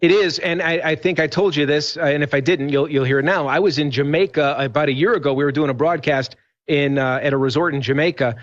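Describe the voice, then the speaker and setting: A man talking in an animated talk show conversation, telling stories emphatically and rambling with restarts. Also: a little high, fast, highs cut off. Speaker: radio host guest.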